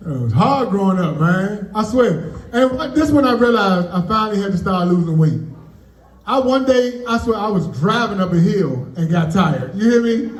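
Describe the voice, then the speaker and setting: A man's voice: high-pitched, expressive, moderate pace. A man doing stand-up comedy at a party, telling stories in a loose, chatty way and tagging lines with "man.". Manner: loose, conversational punchlines, frequent "man" tags. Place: birthday party venue. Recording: echoey room, mic from far off.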